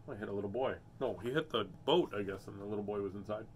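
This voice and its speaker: A man's voice: lowish voice, rapid-fire, a little hiss or hum. A man reading a children's book aloud as host, breaking off for playful, self-mocking jokes. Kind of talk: storybook read-aloud with joking asides.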